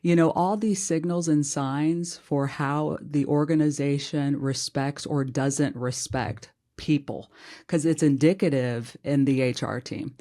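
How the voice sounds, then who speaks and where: A podcast host chatting casually about work, blunt and a little snarky. Their voice sits in an ordinary middle pitch and the delivery keeps a plain, conversational pace. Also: steady tone, unhurried, dark tone. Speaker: HR professional.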